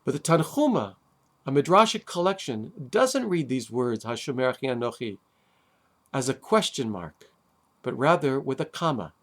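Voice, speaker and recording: A man, a rabbi, giving a sermon on the weekly Torah portion, deliberate with dramatic pauses and wry asides. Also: mid-range voice, animated. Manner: deliberate, with long dramatic pauses and emphatic stresses.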